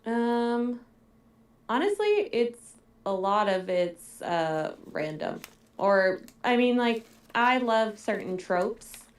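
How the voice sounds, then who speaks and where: A woman's voice: on the high side, very animated, takes it slowly, slight background noise. Woman, casual chat, filler-heavy, answering questions, roomy echo. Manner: chatty, heavy use of "like". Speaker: script writer, co-host of a live Q&A.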